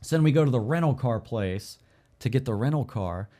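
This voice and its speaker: Casual storytelling man, animated. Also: medium pitch, brisk. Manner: animated, acts out other people's lines in quoted voices. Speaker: podcast co-host.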